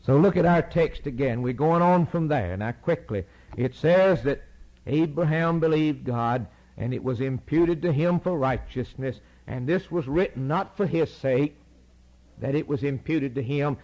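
A man's voice: medium pitch, darkish tone, rough recording. A man preaching a sermon, reading scripture aloud and driving points home through repeated phrases.

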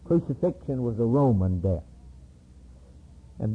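A man's voice: a little high, lively intonation, slow pace, breathy edge. A man preaching a solemn, emphatic sermon with many repeated phrases. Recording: tinny, phone-like old sermon tape.

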